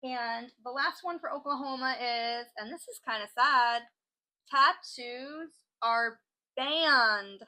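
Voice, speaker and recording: A woman's voice: on the high side, normal speed, hardly any pauses, pushed and bright, low-quality recording. A woman hosting a crafting channel, chatting casually and joking as she reads out odd laws. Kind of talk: casual chat while crafting.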